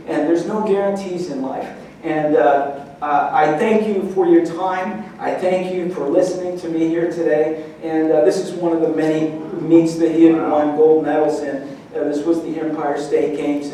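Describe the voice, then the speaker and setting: A middle-aged man giving a motivational speech, telling a story in an animated, earnest way to a meeting. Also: a little high, slight background noise. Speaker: keynote speaker. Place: large meeting hall. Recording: echoey hall from far off.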